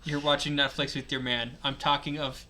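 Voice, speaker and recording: A woman's voice: deep voice, little pitch movement, fairly quick, sharp tone. A woman co-hosting a comic reading of fan fiction, joking around in playful, giggly banter. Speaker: co-host reading aloud. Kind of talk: casual chat and comic reading aloud.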